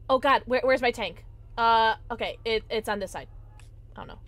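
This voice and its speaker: A woman streamer giving excitable, jokey live gameplay commentary, quick to laugh. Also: on the high side, soft background music.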